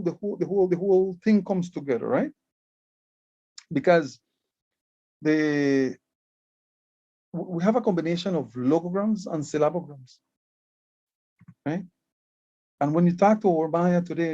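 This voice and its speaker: A man's voice: high voice, measured pace, long pauses, warm tone, dry recording, lo-fi sound. A man from Belize, giving an explanatory conference talk as a Maya writing educator, often repeating words as he starts a phrase. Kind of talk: conference presentation.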